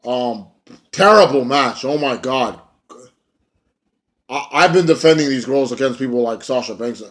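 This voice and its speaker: A man's voice: medium pitch, measured pace, fairly bright tone. A young man giving a casual wrestling show review, blunt and profane, ranting and mocking.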